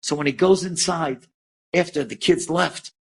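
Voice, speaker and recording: Gravelly rabbi telling an animated story. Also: male voice, on the high side, unhurried. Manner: animated storyteller who acts out quoted voices. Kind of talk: inspirational story lecture.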